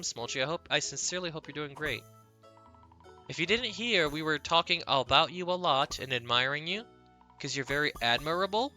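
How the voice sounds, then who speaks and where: A man's voice: a little high, bright, forceful tone. A man streaming a video game, chatting playfully with his viewers and giggling at his own jokes. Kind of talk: casual live-stream chat while gaming.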